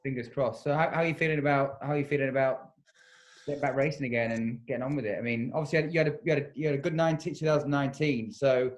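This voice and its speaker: A man hosting a podcast in casual chat, agreeable and quick to back up his guest. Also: medium pitch. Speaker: podcast host.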